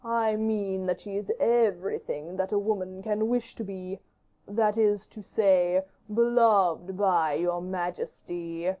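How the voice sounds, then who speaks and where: A woman voicing a flattering male courtier in an audiobook, speaking slowly and deferentially. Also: mid-range voice, natural voice. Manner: slow, measured, deferential. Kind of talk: audiobook character reading. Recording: dull lo-fi audiobook recording.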